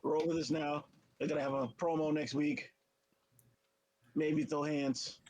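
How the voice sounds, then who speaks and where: A man's voice: a little high, flat delivery, a little slow, a little mellow. A man co-hosting a podcast, chiming in with laid-back wrestling predictions. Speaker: podcast co-host. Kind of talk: casual wrestling chat.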